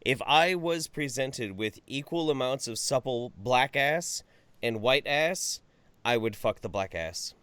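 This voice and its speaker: A man's voice: mid-range voice, lively intonation, unhurried, fairly bright tone, smooth, dry recording. A man co-hosting a podcast who reads out viewer chat and makes crude mock confessions. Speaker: podcast co-host reading chat. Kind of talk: casual comedic chat.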